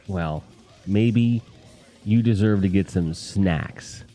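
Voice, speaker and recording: A man's voice: sits low, slow, over music. A man hosting a casual live stream, rambling and joking with crude humor while talking to his chat.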